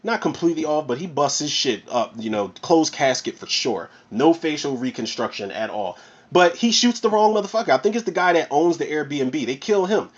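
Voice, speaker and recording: A man's voice: fairly high pitch, moderate pace, highs cut off. A man reviewing a horror film in a casual, rambling rant, swearing freely as he goes. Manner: profane, rambling, animated. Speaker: movie reviewer.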